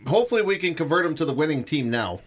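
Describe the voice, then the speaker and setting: A man's voice: a little high, sing-song, racing, a little hiss or hum. A man teasing and joking in a casual radio chat.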